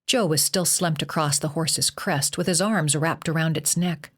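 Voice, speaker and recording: Woman narrating an audiobook, lower voice. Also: fairly even intonation, moderate pace, hardly any pauses. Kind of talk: scripted narration.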